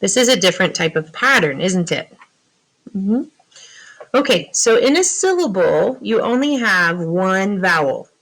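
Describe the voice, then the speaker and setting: A woman's voice: medium pitch, very animated, measured pace, fairly bright tone, low-quality recording. A woman teaching a phonics lesson to young students, patiently asking questions and answering them herself. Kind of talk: slow classroom phonics lesson.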